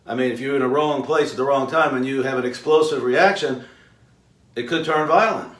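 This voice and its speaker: A man's voice: mid-range voice, a bit bright. Male self-help host, emphatic lecturer, roomy distant sound. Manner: emphatic, rhetorical questions, drawn-out pauses. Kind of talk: motivational lecture to camera. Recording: roomy echo, mic far off.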